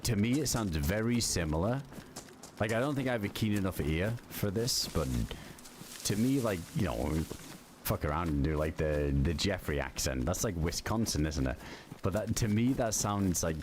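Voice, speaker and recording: A man's voice: low voice, expressive, moderate pace, noisy background. A young man streaming a game, chatting casually in a rambling way, full of fillers and swearing. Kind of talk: casual chat while gaming.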